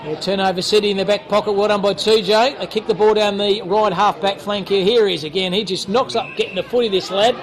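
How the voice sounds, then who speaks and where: Australian man, high-pitched football caller, jokey, faint crowd outdoors. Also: steady tone, fast, few pauses. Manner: jokey, chatty banter between calls. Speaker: football commentator. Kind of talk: live local football commentary.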